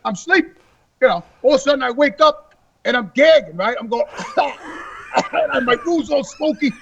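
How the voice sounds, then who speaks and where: A man on a podcast telling a story in casual, profane talk. He sounds exasperated and often shouts and laughs. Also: very high voice, expressive, brisk, lo-fi sound. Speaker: podcast regular. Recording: noisy podcast recording.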